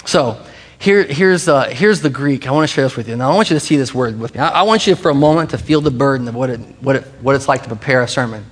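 A man's voice: mid-range voice, quick pace, in a large hall. A man preaching a sermon as pastor, talking casually and conversationally with frequent restarts, and playfully coaxing the congregation to repeat a word after him.

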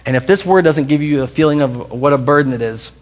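Higher-voiced pastor, casual and playful. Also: male voice, quick pace, in a large hall. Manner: casual, conversational, with frequent restarts; playful, coaxing the congregation to repeat a word. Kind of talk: sermon.

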